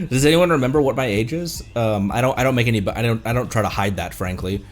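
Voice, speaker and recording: A man's voice: mid-range voice, fast talker, soft background music. A man from Colorado streaming a game at home, stuffy from a cold, who rambles, laughs a lot and pokes fun at himself in casual chat. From Colorado, United States. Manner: rambling, self-mocking, laughs often. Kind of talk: casual live-stream chat over gameplay.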